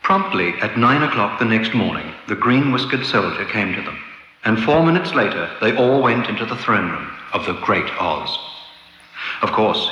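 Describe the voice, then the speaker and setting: A man narrating a storybook reading with expressive, lilting delivery, recorded in an echoey room with long reverb. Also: lowish voice, dull audio.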